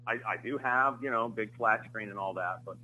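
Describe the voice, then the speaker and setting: A man, a screenwriter being interviewed, telling stories in a halting way with many fillers and restarts, on muffled lo-fi audio. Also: fairly low pitch, bright, forceful tone, a little hiss or hum. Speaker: screenwriter guest. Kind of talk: interview storytelling.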